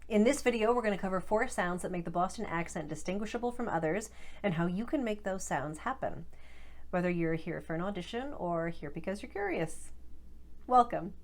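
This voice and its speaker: A woman speech coach giving a scripted accent lesson, demonstrating sounds clearly and carefully. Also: lowish voice.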